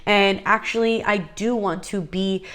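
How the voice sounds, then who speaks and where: A woman's voice: medium pitch, steady tone, unhurried, fairly bright tone. A young adult woman vlogger talking casually and earnestly, confiding with fillers and restarts. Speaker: faith vlogger. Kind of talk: casual heartfelt talk to camera.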